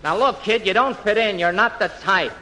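Brief: man playing a curt casting agent, high bright voice. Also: normal speed. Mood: dismissive. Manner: curt, dismissive. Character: brusque male theatrical agent, dismissive. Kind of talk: 1940s radio comedy sketch.

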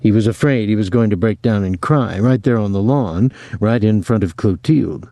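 A man reads a novel aloud in steady, measured narration. His voice is low and mellow. The recording is dry, with no room sound. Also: no room sound. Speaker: audiobook narrator. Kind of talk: scripted narration.

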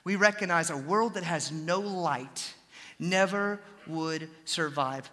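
Young man, preacher, sermon, lively folksy storytelling, high bright voice, long hall reverb. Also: slow pace. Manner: animated storytelling, folksy asides.

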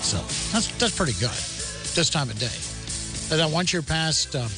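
A man's voice: a little high, lively intonation, moderate pace, music in the background. A man hosting a talk radio show, chatting casually, repeating himself and laughing easily.

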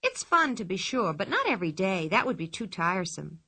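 A woman's voice: mid-range voice, big pitch swings, a little fast, pushed and bright, slightly rough, full character voice. A woman voicing a wild, cheerful, boastful girl who talks playful nonsense as plain fact, in a storybook reading. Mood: breezy.

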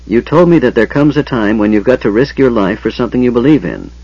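A man's voice: mid-range voice, big pitch swings, fast, darkish tone, husky, no echo. A man voicing a headstrong young elf maiden who talks in a petulant, defiant way. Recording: dull lo-fi sound.

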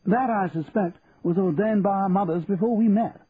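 A man voicing a dry, affectionate upper-class English gentleman, over a tinny line with faint hiss. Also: high-pitched, normal speed, slightly rough, voice pushed up. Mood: fond.

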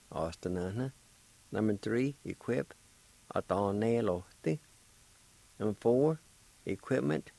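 Slow, patient man teaching pronunciation. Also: fairly low pitch, vocal fry, darkish tone, poor audio. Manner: slow, patient, spells out syllables one at a time; encouraging. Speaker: radio host teaching Cherokee. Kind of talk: spelling and pronunciation lesson.

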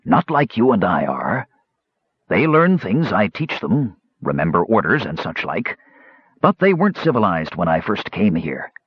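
A man doing a raspy ragged castaway king. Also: on the low side, big pitch swings, measured pace, dry recording, exaggerated voice. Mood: proud. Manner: raspy, eager, nervous. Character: scrawny ragged old castaway self-styled king. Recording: dull lo-fi audiobook recording.

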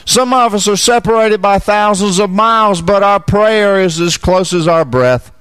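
A man's voice: high voice, normal speed, a bit bright, clean tone, no echo. A man preaching a Bible teaching sermon, repeating key phrases and asking the listeners questions.

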